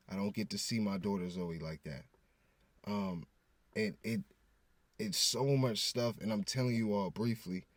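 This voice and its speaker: A man opening up in a candid confessional vlog, talking earnestly with halting restarts and casual swearing. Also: on the low side, darkish tone, no room sound. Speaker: vlogger, father.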